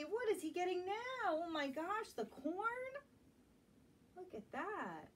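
A woman librarian reading a picture book aloud at a children's storytime, gentle and animated, stopping to ask the young listeners questions. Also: extremely high pitch, takes it slowly. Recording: distant mic with faint background noise.

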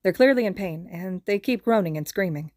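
A woman voicing an excitable young woman medic who talks eagerly in a fan podfic. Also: medium pitch, fairly quick, no echo, studio quality, close to an everyday voice. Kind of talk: podfic character reading.

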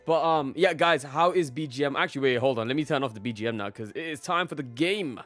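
A man's voice: mid-range voice, fast, a bit bright, dry recording, soft background music. A young man live-streaming a game, casually greeting his chat by name and laughing often.

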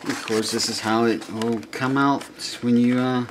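Slow-talking excitable man unboxing toys. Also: medium pitch, noisy background. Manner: excitable, gushing, swearing, mumbled asides. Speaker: toy unboxing vlogger. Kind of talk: casual unboxing commentary.

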